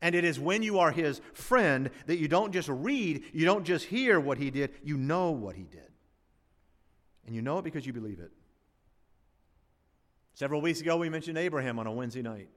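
Pastor guy preaching, kinda high voice, lots of questions and repeats, big echoey church hall. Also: lively intonation, moderate pace, long pauses, a bit bright. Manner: emphatic preaching with rhetorical questions. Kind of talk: sermon. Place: church sanctuary.

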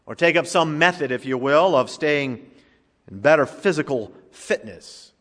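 A man's voice: on the high side, animated, measured pace, a bit bright. A male pastor preaching a sermon in a conversational, joking way, in a church sanctuary. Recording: long reverb of a large hall.

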